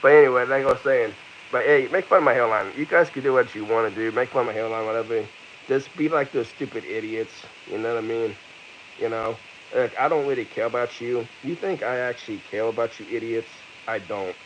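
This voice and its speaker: A man's voice: mid-range voice, fairly quick, slight background noise, rough recording. A man in his thirties from America, ranting heatedly with lots of profanity and repetition in an angry vlog. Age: 30s. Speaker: vlogger.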